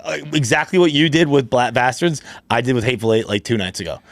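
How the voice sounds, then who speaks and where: A man's voice: mid-range voice, lively intonation, no echo. A man speaking as a podcast guest in casual chat, stammering through restarts as he tells a story. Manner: quick, stammering restarts, laughs often.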